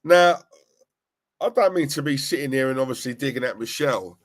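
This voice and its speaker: A young man hosting a live stream, chatting casually, reading viewer comments and reacting with animated, rambling restarts. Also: brisk. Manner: animated, rambling, restarts and laughs, pitch jumping when worked up. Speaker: fan channel live-stream host.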